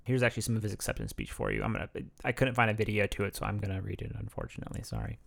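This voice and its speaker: Gravelly low-voiced man, casual podcast chat. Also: very fast. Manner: relaxed, chatty, reads facts aloud with asides. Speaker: podcast co-host.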